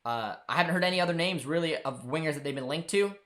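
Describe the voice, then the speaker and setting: A man's voice: a little high, fast, fairly bright tone. A man hosting a live football watchalong stream, chatting casually and rambling to his viewers and producer. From Canada. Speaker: host. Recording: faint music behind.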